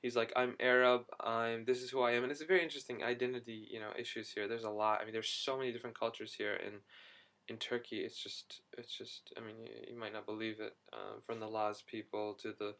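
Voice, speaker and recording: A young man tells travel stories to the camera in a loose, rambling vlog. He keeps breaking off for asides and corrections, and he acts out the quick reactions of the people he met along the way. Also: on the low side, steady tone, vocal fry, a bit bright. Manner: self-correcting, frequent asides and fillers. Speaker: video diarist. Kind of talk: casual travel vlog storytelling. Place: Istanbul, Turkey.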